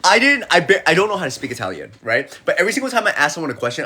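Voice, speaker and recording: A young man chatting casually on a phone livestream, an animated storyteller who acts out the people he quotes. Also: a little high, rapid-fire, hardly any pauses, breathy edge.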